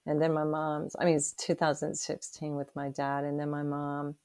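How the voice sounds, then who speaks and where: A woman's voice: deep voice, level tone, moderate pace, warm tone. A woman in her sixties telling her personal faith story as an interview guest, earnest and emotional, with frequent restarts. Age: 60s.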